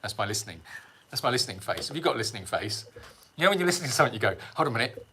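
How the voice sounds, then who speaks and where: A man's voice: mid-range voice, sing-song, very fast, sharp tone, breathy edge. Chatty man hosting a livestream. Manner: rambling, self-mocking, chuckles often. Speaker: sanctuary livestream host. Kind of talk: casual livestream chat.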